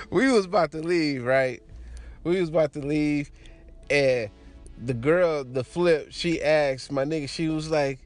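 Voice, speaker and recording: A man spins a crude personal anecdote in loose, casual talk, chuckling often and circling back over his words. His voice sits a little high and swings widely up and down as he tells it. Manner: crude, laughing, rambling with many restarts. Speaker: storyteller.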